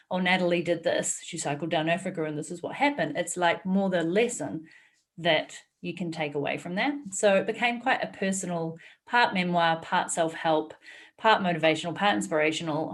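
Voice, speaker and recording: A woman with a New Zealand accent, a guest author telling stories in a lively, laughing way. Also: fairly low pitch. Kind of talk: casual interview storytelling.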